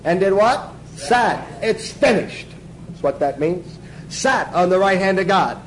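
A man's voice: sits high, expressive, a little slow, slight background noise, low-quality recording. A man teaching a Bible class in sermon style, emphatic, asking the class questions and answering them himself.

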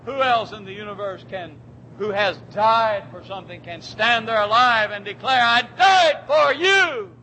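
A man preaches a fervent sermon in a high, bright voice. He drops to near-quiet, drawn-out phrases, then rises to shouted declarations. A faint rumble sits behind him in the church. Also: poor audio.

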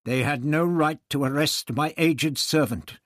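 A man's voice: a little high, expressive, measured pace, no echo, clean studio sound, pitched above the performer's own voice. A man reading an audiobook, voicing an earnest young woman teacher in a raised voice with an urgent, pleading manner. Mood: alarmed.

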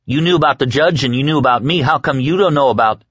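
A man's voice: fast talker, fairly bright tone, slightly rough, dry recording, muffled recording. A man voicing a frantic, cornered woman. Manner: frantic, pleading, higher voice. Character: terrified, desperate young woman cornered.

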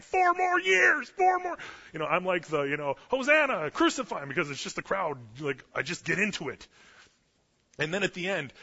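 A young man preaching a casual storytelling sermon, chatty and animated, loudly acting out the quotes. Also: fairly high pitch, breathy edge. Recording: muffled lo-fi sermon recording.

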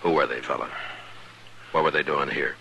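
Dillon, a steady marshal. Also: male voice, rumbling low, normal speed, creaky, slight background noise, full character voice. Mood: firm. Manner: firm, level, commanding. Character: steady frontier marshal, firm and calm. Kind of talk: 1950s radio western acting.

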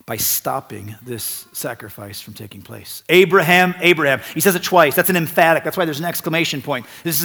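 A man's voice: fairly high pitch, fairly bright tone, in a large hall. A male pastor preaching a sermon in an earnest, conversational way, repeating phrases for emphasis.

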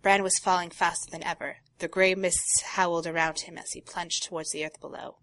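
A woman co-hosting a casual talk show, reading a long passage from a novel aloud and breaking off for quiet asides. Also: fairly low pitch, steady tone, brisk. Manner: reads prose steadily, drops to quiet asides. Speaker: podcast co-host.

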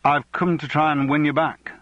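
A man's voice: a little high, level tone, moderate pace, fairly bright tone, no echo, muffled recording, pitched above the performer's own voice, lightly acted. A man voicing an earnest middle-aged barrister. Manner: earnest, self-mocking.

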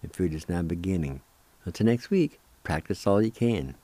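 A middle-aged man teaching words slowly, spelling them out and repeating each syllable, with gentle encouragement. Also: low-pitched, animated, no echo. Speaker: language teacher and radio host. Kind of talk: slow spoken language lesson.

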